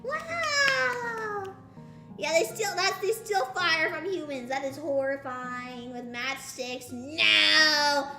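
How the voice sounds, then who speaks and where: High, bright excitable young woman streamer. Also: slow, few pauses, echoey room, soft background music. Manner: excitable, exaggerated disbelief. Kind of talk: casual live-stream chat.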